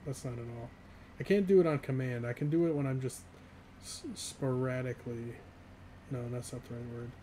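A man's voice: mid-range voice, steady tone, normal speed, warm tone, a little hiss or hum. A young man in his twenties, from the northeastern US, chatting casually and rambling with chat while streaming a game, often laughing.

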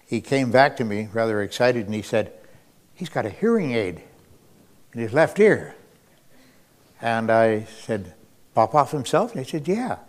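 A man telling an anecdote in a wry, unhurried way, often pausing with fillers and chuckling. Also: medium pitch. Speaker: storyteller. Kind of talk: anecdotal talk.

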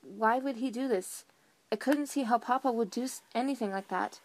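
A woman's voice: a little high, moderate pace, a little mellow, lightly acted. A woman voicing an anxious, earnest young male unicorn colt in a fan audio drama. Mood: bewildered.

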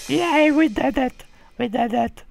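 A man's voice: very high-pitched, slow pace, gravelly, faint music behind, voice pushed up, full character voice. A man putting on the wailing, pleading voice of a little boy begging his daddy, as a joke during game commentary. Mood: excited.

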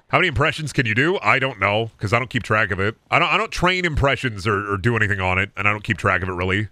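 A man's voice: lowish voice, animated, rapid-fire, hardly any pauses, sharp tone, dry recording. A young man streaming a game, chatting casually in a joking, profane, self-mocking way. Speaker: gaming streamer. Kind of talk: casual live-stream chat.

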